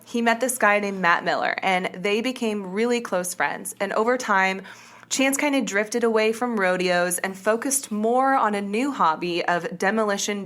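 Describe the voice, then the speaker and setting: Woman, podcast host, casual true crime storytelling, chatty, self-correcting, mid pitch. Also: a bit bright.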